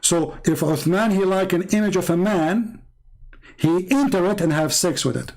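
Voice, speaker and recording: A man speaking somewhat high for a male voice, hosting a livestream from home. He taunts and mocks in a sarcastic tone and hammers his points by repeating them. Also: lively intonation, moderate pace, a little mellow. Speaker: livestream host. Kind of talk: mocking livestream commentary. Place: home setup streaming online.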